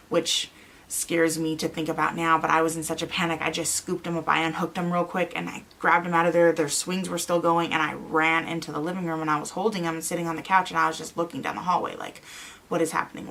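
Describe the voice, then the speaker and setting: A young adult woman telling a story to camera in a casual vlog, anxious and quick to quote her own reactions. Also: low voice, a bit bright, slight background noise. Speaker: vlogger.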